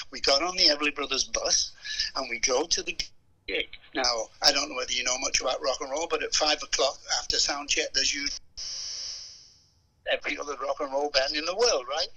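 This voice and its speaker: An older man, telling stories as a musician guest in an interview, animated and acting out the people in them. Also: on the high side, low-quality recording. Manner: animated storyteller who acts out voices and hums melodies. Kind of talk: anecdotal storytelling interview.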